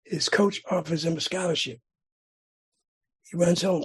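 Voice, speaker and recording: Brief: middle-aged man, deeply husky, from California, recovery-meeting speaker, dramatic and repetitive. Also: normal speed, pauses often, a little mellow. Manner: dramatic storyteller, repeats phrases for emphasis. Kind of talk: personal recovery story share.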